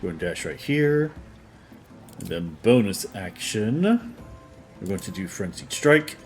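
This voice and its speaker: A man with a low, unhurried voice calls out his moves as he plays. His pitch swings a lot while he reacts, and loud game music plays behind him. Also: sing-song. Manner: laid-back, talks himself through each move. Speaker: streamer. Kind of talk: let's-play commentary.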